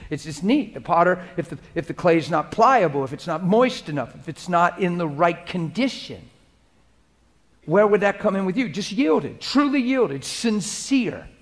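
A man with a notably high voice delivers a sermon as a preacher. He talks in a casual, emphatic way, repeats phrases for effect, and moves between loud exhortation and quiet, prayerful speech. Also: animated, normal speed.

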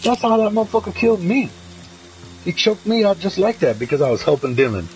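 Excitable, cussing gaming streamer guy. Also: sits high, fairly quick, a little hiss or hum, low-quality recording. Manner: excitable, profane, hyping a fellow player. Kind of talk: casual gameplay commentary. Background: game music.

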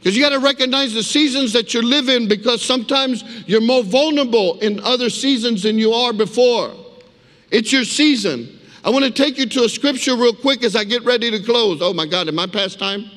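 High-voiced man preaching in an echoey hall. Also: moderate pace, a bit bright. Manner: vivid, emphatic storyteller calling for amens. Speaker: guest speaker. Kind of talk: sermon with personal testimony. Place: church sanctuary.

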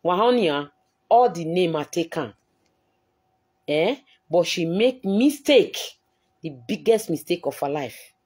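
Nigerian Pidgin-accented woman, husky and unhurried, defensive live-stream chat. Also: on the low side, lively intonation, a little mellow. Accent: Nigerian Pidgin English. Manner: defensive, aggrieved, replying to viewers. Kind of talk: emotional live-stream talk.

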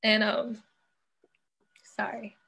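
A woman's voice: medium pitch, monotone, very slow, gravelly, pushed and bright, breathy edge. A young woman speaking as a podcast guest, sharing an earnest personal testimony and fighting back tears.

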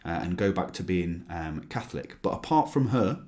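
Low-voiced man teaching a history lesson. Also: expressive, moderate pace, a little mellow. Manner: explanatory, with frequent ums and restarts.

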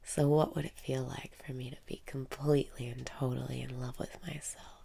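Woman, meditation guide: deep, very gravelly, slow and soft, half-whispered breathing cues. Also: little pitch movement. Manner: repeats breathing cues and mantras.

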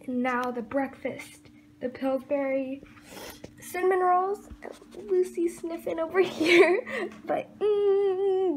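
A teenage girl chatting in a casual home vlog, excitable and giggly, rambling with lots of fillers. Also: very high-pitched, slow pace. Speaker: vlogger. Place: at home with her dog. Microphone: camera mic.

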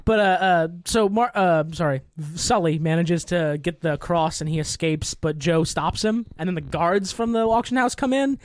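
A man's voice: fairly high pitch, normal speed, few pauses, a little hiss or hum. A man with a Boston accent co-hosting a podcast, reviewing a movie in casual, profane, joking chat. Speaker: podcast co-host.

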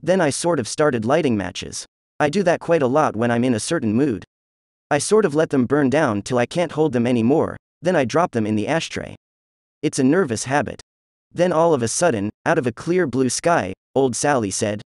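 A man's voice: mid-range voice, animated, normal speed, a little mellow, no echo, studio quality. A man reading a novel aloud as a first-person narrator, in a conversational, wry telling voice. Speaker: audiobook narrator.

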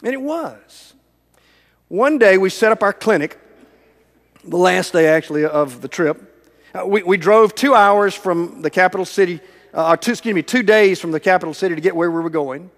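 A middle-aged man preaching a sermon in a church with a long reverb tail. His voice sits fairly high for a man, and his storytelling swings from full volume down to near whispers. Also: moderate pace. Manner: dramatic storytelling that swings from loud to hushed, almost whispered. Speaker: evangelist preaching. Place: large church sanctuary.

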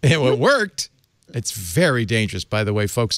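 A man hosting a casual tech panel chat, animated and laughing often as he talks. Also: medium pitch, normal speed, dry recording, clean studio sound. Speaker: host.

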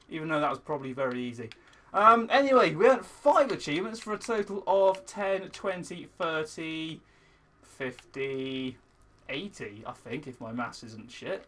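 A young man hosting a gaming video, excitable, swinging from frustrated muttering to loud shouting at the game. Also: on the high side, brisk. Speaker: gaming channel host. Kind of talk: let's play commentary.

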